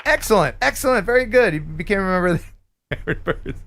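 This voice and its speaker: A man with a Southern US accent hosting a casual livestream, welcoming viewers by name in an animated way. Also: high-pitched, fast, a little hiss or hum. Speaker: livestream host.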